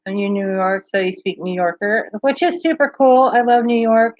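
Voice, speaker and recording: A woman's voice: on the high side, steady tone, normal speed, dry recording, highs cut off. Chatty woman with a mild Kentucky lilt. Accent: mild Kentucky Southern. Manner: chatty, playful, reads out viewer comments. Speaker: livestream host. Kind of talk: casual chat with viewers.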